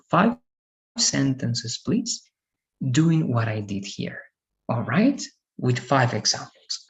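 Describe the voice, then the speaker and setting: A man's voice: mid-range voice, creaky, muffled recording. A man teaching an English grammar lesson in an online class, patient and repetitive, often checking in with "right?".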